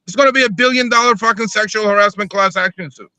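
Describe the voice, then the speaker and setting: A rideshare driver advocate appears as a guest on a live podcast, his voice bright, high, and fast. He tells stories in a profane, animated way and acts out phone calls during heated, casual talk. The studio recording is dry.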